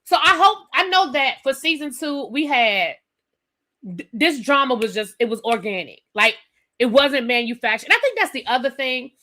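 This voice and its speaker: A woman's voice: high-pitched, moderate pace. A young adult woman hosts a live stream, talking casually and directly to her chat viewers. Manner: chatty, animated, talks straight to chat viewers. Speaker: YouTube reviewer hosting a live stream.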